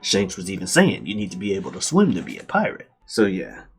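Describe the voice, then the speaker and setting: Man, recap host, slangy, profane, lively pitch, music faint behind. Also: a little fast, vocal fry, slightly rough. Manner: casual, slangy, profane, animated. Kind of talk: profane comic story recap.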